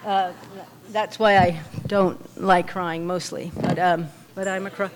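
A middle-aged woman with a lowish voice opens up at a recovery meeting. She is openly nervous and halting, stopping often with "um" and "uh" as she finds her words. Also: fairly even intonation, slight background noise. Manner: nervous, hesitant, many ums and uhs. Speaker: meeting speaker. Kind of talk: personal recovery share.

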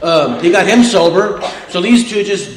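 A man's voice: high-pitched, lively intonation, moderate pace, reverberant, slight background noise, poor audio. A man telling a humorous recovery story to a meeting audience, with a wisecracking, tough-guy delivery. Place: meeting room with a live audience.

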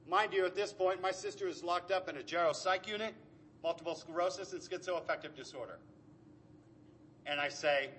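A man's voice: high voice, moderate pace, pauses often, sharp tone, a little hiss or hum. A middle-aged man giving an earnest, emotional personal recovery share. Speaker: speaker at a recovery meeting.

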